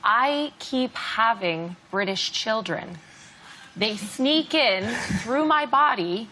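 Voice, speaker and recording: A female comedian on a panel show, teasing dryly with quick punchlines. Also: a little high, very noisy. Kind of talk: stand-up style panel banter. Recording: TV studio, loud audience laughter.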